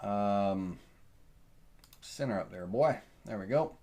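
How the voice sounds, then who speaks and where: A middle-aged man with a Southern accent, hosting a live software tutorial and thinking aloud with plenty of fillers as he works. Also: on the low side, slow pace. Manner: relaxed, rambling, thinks aloud with many fillers.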